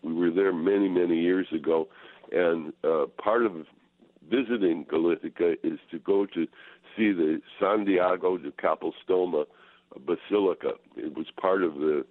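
A man hosting a relaxed, rambling radio talk about wine, with many fillers. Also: sits low, unhurried. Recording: tinny phone-like radio audio.

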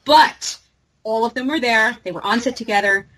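A woman's voice: on the high side, moderate pace, fairly bright tone, low-quality recording. A woman hosting a casual fan podcast, talking animatedly with many fillers and restarts. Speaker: podcast host.

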